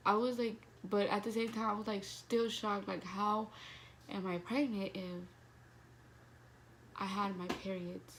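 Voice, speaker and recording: A woman's voice: mid-range voice, level tone, a little slow, pauses often, slight background noise, low-quality recording. A young woman telling a personal story in a casual vlog, swearing freely and saying "like" constantly. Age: young adult. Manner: casual, profane, heavy use of "like". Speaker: vlogger.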